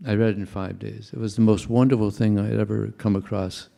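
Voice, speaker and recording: Older guy telling stories at a temple talk, deep mellow voice. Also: little pitch movement, quick pace, gravelly. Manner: anecdotal, chuckling, conversational storyteller. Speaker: temple speaker. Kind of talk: devotional talk to a congregation.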